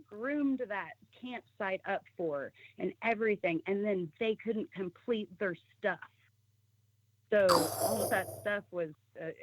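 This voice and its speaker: A woman's voice: mid-range voice, dry recording. Woman telling a story over a tinny phone line. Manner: animated, acts out the voices of people in her story. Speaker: guest telling a personal story. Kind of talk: casual storytelling on a call-in show.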